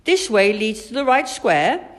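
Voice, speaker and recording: This is a plucky young schoolgirl from a storybook read aloud, with a woman voicing her. She sounds eager and a little bossy, urging her friends on. Her pitch swoops up high and down again. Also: very animated, measured pace, big-room sound. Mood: confident.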